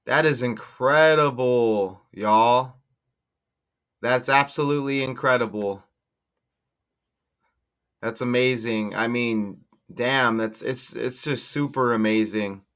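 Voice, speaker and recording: Excitable man talking to his viewers. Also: medium pitch, slow, pauses often, smooth. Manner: excitable, exclaims often, talks to viewers directly. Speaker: channel host decoding news numbers. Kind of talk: casual screen-share commentary.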